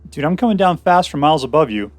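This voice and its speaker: A man's voice: a little high, animated, fast talker. Man casually narrating his own gameplay. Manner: talks to himself, counting cards aloud, sarcastic. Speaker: game commentator.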